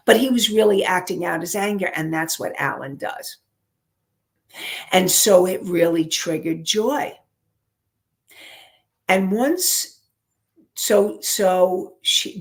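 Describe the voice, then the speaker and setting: A woman counselor and life coach teaching an online class, repeating and restarting phrases as she works through an example. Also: on the low side. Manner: unhurried, repeats and restarts phrases while explaining.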